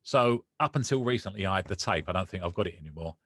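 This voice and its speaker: Brief Romford man, lively storyteller who voices the others, dry close sound. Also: low voice, fast, no echo. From Romford, England. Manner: animated, acts out dialogue. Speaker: guest. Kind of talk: personal storytelling.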